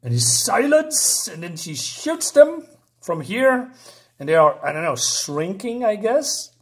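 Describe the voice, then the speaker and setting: A man with a somewhat high voice reads a comic aloud for his channel. He rambles and hesitates with lots of fillers. He sounds baffled and incredulous at what the story does. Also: very animated, unhurried. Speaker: channel host. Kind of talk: casual reading and reaction commentary.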